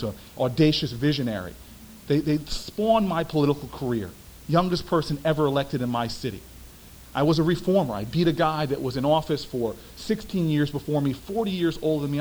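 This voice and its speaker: A young man, a former city councilman, giving a storytelling speech with emphatic, animated delivery. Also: a little high, a little hiss or hum, poor audio.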